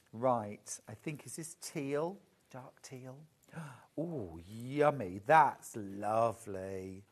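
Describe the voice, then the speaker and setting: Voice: mid-range voice, darkish tone. A presenter showing off fabric bundles live, gushing and admiring in a chatty way. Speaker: shopping channel presenter.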